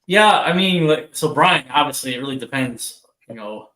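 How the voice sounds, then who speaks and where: A man's voice: mid-range voice, lively intonation, moderate pace, bright, forceful tone, roomy sound, rough recording. An older man with an Upper Midwest American accent from Wisconsin, rambling and swearing through a casual chat as a livestream co-host. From Wisconsin, USA. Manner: rambling, profane, laughs a lot.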